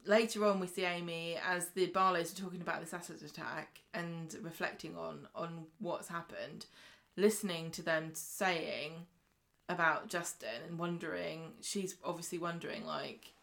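British woman podcast host, bright voice, chatty quick recap. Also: fairly low pitch, steady tone, gravelly. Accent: British English. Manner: brisk storytelling recap, acting out quotes. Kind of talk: casual soap recap chat.

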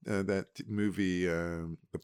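A male podcast co-host with a fairly low voice, speaking in casual chat. He talks hesitantly, pausing and restarting his sentences often. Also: fairly even intonation, a little mellow, clean tone, no echo, clean studio sound. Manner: hesitant, many fillers and restarts.

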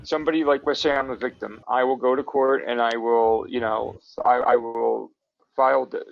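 A man's voice: medium pitch, steady tone, moderate pace, vocal fry. A man co-hosting a podcast, teasing his friend with profane, casual banter and calling him bro. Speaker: podcast co-host. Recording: dull lo-fi recording.

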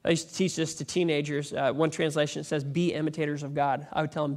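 A male pastor delivering a conversational, animated sermon that builds to emphatic peaks. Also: on the high side, fast, hardly any pauses. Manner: animated, rising to emphatic near-shouting peaks; conversational preaching with repeated restarts.

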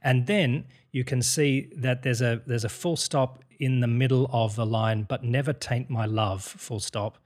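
A man's voice: mid-range voice, steady tone, measured pace, hardly any pauses, a little mellow. A man coaching an actor through a Shakespeare speech, explaining rhythm and word choice. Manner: encouraging, analytical, many restarts. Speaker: acting coach.

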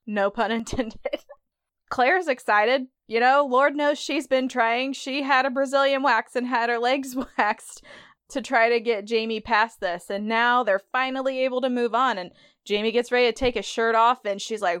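A woman hosts a podcast and talks through a TV episode in a chatty, conversational way. Her voice sits a little high and sounds smooth and clear. The recording is dry and close. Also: a little slow, fairly bright tone, dry recording. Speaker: podcast host. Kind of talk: casual TV episode recap.

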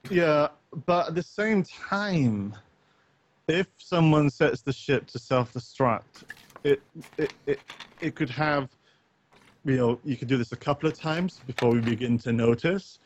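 A man's voice: mid-range voice, expressive, unhurried, dull audio. A man co-hosting a late-night gaming stream, rambling in a casual chat full of fillers, restarts and offhand swearing. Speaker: co-host of a gaming talk stream.

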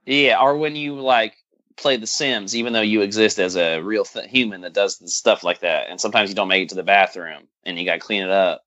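A bright, forceful man from the American South jokes his way through a casual movie-review podcast, rambling and sarcastic. His voice sits close and dry on a slightly dull mic. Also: lowish voice, steady tone, brisk, dry recording. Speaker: podcast host.

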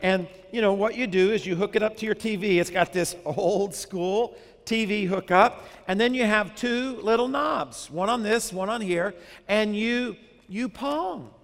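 Pastor guy from arkansas, kinda high voice, chatty funny sermon, echoey church hall. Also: measured pace, creaky. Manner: lively, conversational preaching with humor.

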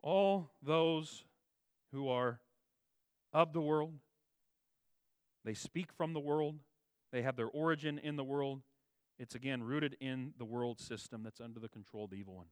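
A man preaching a sermon, stressing key words with a raised voice and dropping to quiet low asides, restating phrases for emphasis. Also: moderate pace, smooth, dry recording. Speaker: pastor.

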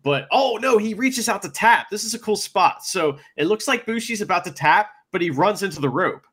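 Guy on a podcast going over matches, lively up-and-down voice, bright tone, cusses a lot. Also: high voice, normal speed, slightly rough. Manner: excitable, swears a lot, plays out wrestlers' shouts. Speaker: podcast co-host. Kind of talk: casual match recap chat.

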